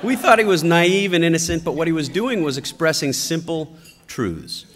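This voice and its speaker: A middle-aged man addresses a conference crowd, moving from family anecdotes into a political point. His pitch rises and falls in an animated, storytelling way. The voice carries a long reverb from the large hall. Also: moderate pace, a little hiss or hum. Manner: animated anecdotal delivery with acted quotes. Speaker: conference speaker.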